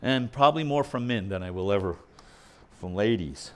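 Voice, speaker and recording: A male preacher delivering an emphatic, argumentative sermon, mimicking objections and swinging between loud punchy lines and quiet asides. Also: fairly low pitch, animated, normal speed.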